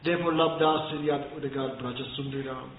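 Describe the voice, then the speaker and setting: A man's voice: medium pitch, fairly even intonation, quick pace, a little hiss or hum. Man teaching scripture over a tinny line. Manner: storytelling, chants verses, laughs softly. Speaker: spiritual teacher. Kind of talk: scripture class lecture. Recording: echoey room over thin phone-like line.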